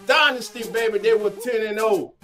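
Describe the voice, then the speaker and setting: A man hosting a live football show, energetic and calling everyone baby. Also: high voice, normal speed, soft background music. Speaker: podcast host and youth football coach. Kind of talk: hyped sports show talk.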